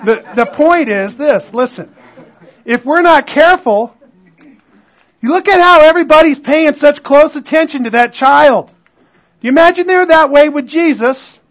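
A man's voice: very high voice, normal speed, fairly bright tone. A man preaching a sermon as pastor, in a conversational way with frequent call-outs to the congregation. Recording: dull lo-fi recording.

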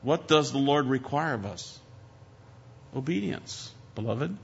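A man preaching a sermon as pastor, shifting between loud emphasis and quiet, earnest asides. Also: medium pitch, expressive, measured pace, creaky, a little hiss or hum. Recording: dull lo-fi recording.

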